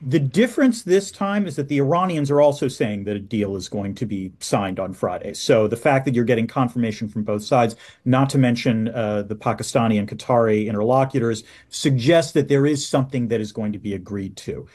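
A man, a professor guest, explaining in a measured way with fillers like "um", speaking over a video call. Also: mid-range voice, a little mellow. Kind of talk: expert radio interview.

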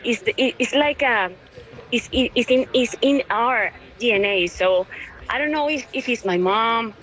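A woman's voice: on the high side, a bit bright, low-quality recording. A woman, calling into an interview, tearful and overwhelmed, stumbling over repeated words. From Venezuela. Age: 30s. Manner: halting, many restarts and repeated words. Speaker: caller, local witness. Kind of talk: emotional phone interview.

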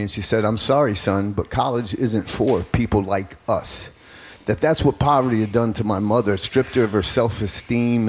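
A man's voice: fairly low pitch, darkish tone. A man in his fifties, an earnest and emphatic political candidate answering questions as a radio interview guest.

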